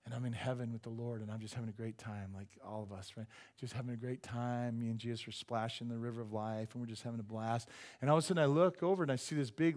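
A man's voice: mid-range voice, darkish tone. A man preaching as a pastor, telling personal stories with animation and building to a fervent, rising prayer. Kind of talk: sermon.

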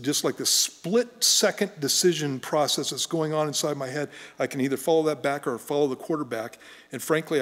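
A middle-aged male pastor preaching in a conversational, folksy storytelling way in a church. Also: medium pitch. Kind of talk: conversational sermon. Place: church sanctuary. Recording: long church reverb.

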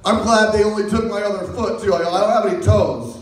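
A man's voice: high voice, fairly even intonation, fast, a crowd in the background. A man doing a rambling, crude stand-up routine on a comedy stage and laughing at his own jokes. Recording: echoey room, mic far off.

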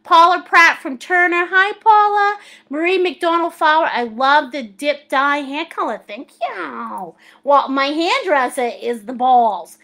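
Very high, bright-voiced bubbly woman. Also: unhurried. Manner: bubbly, laughs often, calls people sweetie and honey. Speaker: art teacher hosting a live paint class. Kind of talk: live-stream chat, reading viewer comments aloud.

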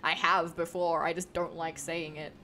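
A woman's voice: sits low, little pitch movement, normal speed, pushed and bright, slight background noise. An Australian woman giving dramatic, exasperated let's-play commentary as a gaming streamer, swearing often.

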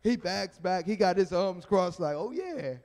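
Male evangelist, high voice, dramatic storytelling, long echo in a church. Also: steady tone, normal speed, darkish tone. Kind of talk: storytelling sermon at a youth rally. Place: church sanctuary. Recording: echoey church sanctuary.

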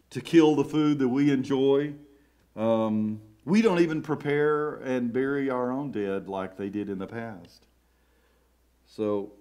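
In a church sanctuary, a middle-aged pastor with a Southern US accent preaches a sermon that swells with emotion and emphasis. His voice is medium-pitched with a dark tone.

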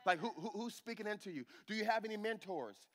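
A man's voice: high-pitched, quick pace, fairly bright tone. A man preaching a sermon as pastor of a church, calling out to the congregation for amens. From United States. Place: church sanctuary.

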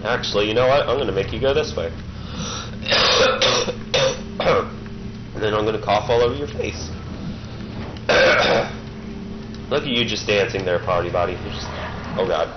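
A man's voice: lowish voice, a little slow, pauses often. A man giving casual joking commentary while playing a video game, rambling and playful. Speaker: let's-play gamer. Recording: muffled with game noise behind. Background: game sounds.

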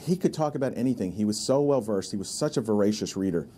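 A man recounting a personal story in a documentary interview, with halting restarts. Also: fairly low pitch, expressive, dark tone. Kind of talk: reflective storytelling.

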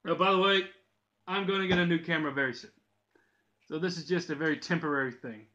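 Here the same Dublin gaming host's voice is on the high side, pushed and bright, at a quick pace. He's a young Irishman joking his way through gameplay, cursing and laughing often, recorded on a dull lo-fi mic with faint noise.

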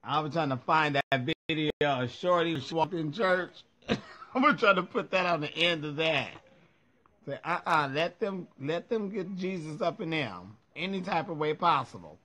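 A man's voice: a little high, lively intonation, moderate pace, pushed and bright. A man hosting a casual video show, reacting in a sassy, profane way and laughing a lot.

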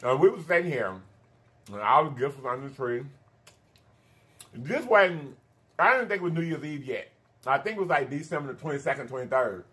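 Speaking in a mid-range voice that sounds pushed, bright and animated, this thirty-year-old mukbang host chats between bites. He affectionately calls viewers "honey" and "baby," dragging the words out, and hums as he eats.

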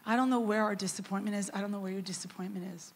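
A middle-aged woman preaching a sermon as a guest worship leader, telling a story in a lively, conversational way and acting out the quotes. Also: mid-range voice, rapid-fire, a little hiss or hum.

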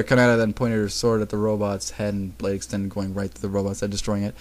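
A man's voice: fairly low pitch, completely flat delivery, fast talker, darkish tone. A man reading fan fiction aloud at home, sarcastic and profane, stumbling over the text and mocking it. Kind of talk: mocking dramatic reading with commentary.

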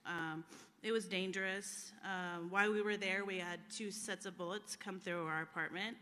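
A guest speaker at a live-streamed church service, this American woman tells her testimony in a voice on the low side, pushed and bright, with fairly even intonation at a normal speed. She is candid and emotional, often using fillers, and the church hall recording echoes.

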